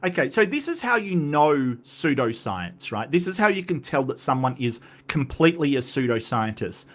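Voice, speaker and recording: A man's voice: a little high, very animated, normal speed. A man hosting a reaction commentary, talking in an exasperated, sarcastic and mocking way. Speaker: commentary host reacting to a video.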